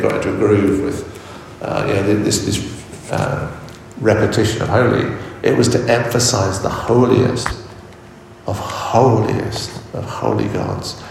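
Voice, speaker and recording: A man delivers a sermon, measured and searching, often circling back on his words. His voice sits fairly low with a gravelly edge. It is picked up from a distance in a big hall with a long, echoing reverb. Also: a little hiss or hum. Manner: measured, repeats words while searching for phrasing. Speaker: preacher. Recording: echoey hall, voice from far off.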